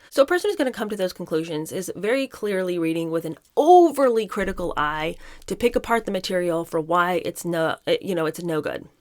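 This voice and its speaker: A woman's voice: lowish voice, no echo. Opinionated woman podcast host, dry sound. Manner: opinionated, talks straight to listeners. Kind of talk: reading a book aloud and commenting on it.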